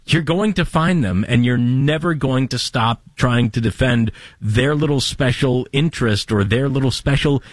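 A man co-hosting a talk podcast, blunt and halting, often repeating words as he goes. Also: mid-range voice, no echo, clean studio sound. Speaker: co-host. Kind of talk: opinionated podcast commentary.

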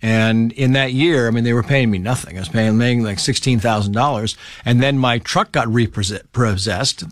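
Animated storytelling man, dry mic. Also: normal speed, dry recording. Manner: animated storyteller who acts out quoted voices in high pitch. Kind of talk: casual conversation.

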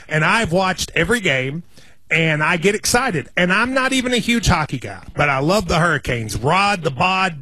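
A man's voice: high voice, fairly bright tone, husky. A man in his forties co-hosting a sports radio show, telling an enthusiastic, rambling fan story in casual banter. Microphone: studio microphone.

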